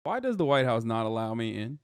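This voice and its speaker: A man in his thirties streaming live reaction commentary, ranting and swearing, jumping between loud outbursts and low mutters. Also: sing-song, fairly quick, slight background noise. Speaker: streamer reacting to a news video.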